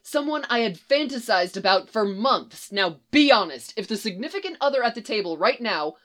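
A woman's voice: a little high, expressive, normal speed, a bit bright, voice pushed up. A woman doing a flustered whiny young man. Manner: pleading, whiny.

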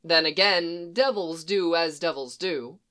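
A narrator reading a story aloud in an even storytelling manner, as an audiobook reading. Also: mid-range voice, measured pace, clean tone.

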